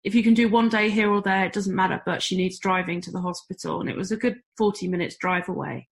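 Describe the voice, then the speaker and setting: A woman's voice: medium pitch, fast, gravelly. A middle-aged woman from the UK, talking candidly as an interview guest, with self-deprecating humor. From United Kingdom. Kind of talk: conversational interview.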